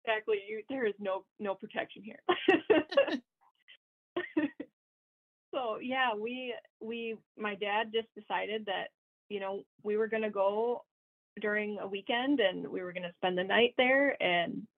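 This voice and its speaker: A young woman from Wisconsin talks as a guest in a loose, chatty way, often laughing and leaning on fillers. Her voice sits at a middle pitch. It comes through a thin, tinny line that sounds like a phone call. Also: a little slow. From Wisconsin, USA. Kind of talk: casual storytelling.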